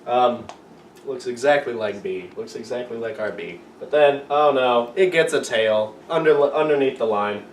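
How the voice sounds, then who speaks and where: Recorded from well back in an echoing room over a faint hiss, an amateur video teacher delivers a loose, joking lesson. He speaks at an ordinary pitch and moderate pace, drifting off track and poking fun at himself in a rambling, playful way.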